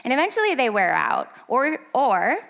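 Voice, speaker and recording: A woman's voice: very animated, normal speed, creaky, a bit bright. A woman in her thirties giving a casual, chatty talk to a parenting class, laughing often and playing out her own lines and her son's whiny ones. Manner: quotes her son in a high whiny voice. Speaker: speaker at a church parenting class.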